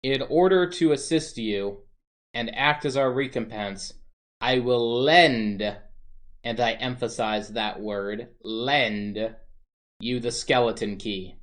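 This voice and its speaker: A man voicing a sulking male leader of a thieves' guild who speaks in a grudging, deliberate way. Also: medium pitch, lightly acted.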